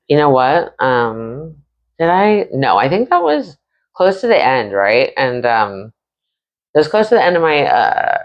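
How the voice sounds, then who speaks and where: A woman's voice: a bass voice, highs cut off. A woman guest telling her story in a casual, profane way, acting out the voices of people she quotes. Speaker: interview guest.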